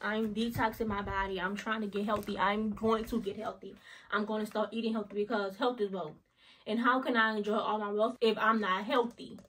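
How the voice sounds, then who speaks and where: A woman's voice: medium pitch, a little fast, recorded from a distance, poor audio. A young woman, chatting casually to her viewers at home in a vlog. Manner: chatty, animated storytelling to viewers. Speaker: vlogger.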